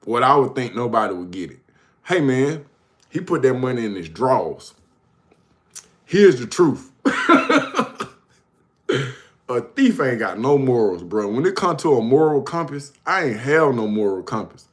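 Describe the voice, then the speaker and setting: A man's voice: medium pitch, very animated, moderate pace. A man hosting his own show, telling stories casually, often laughing and calling the listener bro. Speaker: host. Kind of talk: casual storytelling.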